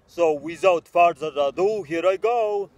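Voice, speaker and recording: A man hosting a mock tutorial comedy vlog outdoors in a park, with an earnest, deadpan delivery and stammered restarts. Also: high voice, measured pace. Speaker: comedy vlogger.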